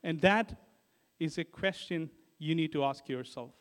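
High-pitched male preacher, chatty storytelling sermon, reverberant hall. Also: unhurried. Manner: storytelling, addresses listeners as guys.

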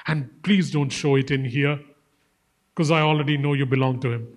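Speaking at a moderate pace in a medium pitch, a man serves as guest preacher for a congregation. His sermon is relaxed and joking, and he animates his stories by acting out different voices.

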